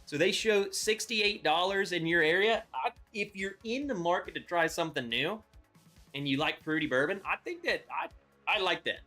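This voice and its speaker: A man's voice: sits high, animated, normal speed, pushed and bright, faint music behind. A man hosting a casual live stream, chatty and upbeat, greeting viewers by name as he talks. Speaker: livestream host reviewing whiskey.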